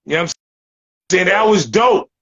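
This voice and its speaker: A man with a New York accent talks hip hop in a casual interview, blunt, animated and full of profanity. His voice sits a bit high and sounds bright and slightly husky. The audio is muffled and lo-fi, like a web call. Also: a little slow.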